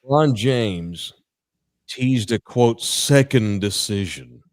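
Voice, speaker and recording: A man hosting a casual sports talk show, steady and conversational, leading each segment. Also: lowish voice, takes it slowly. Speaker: host.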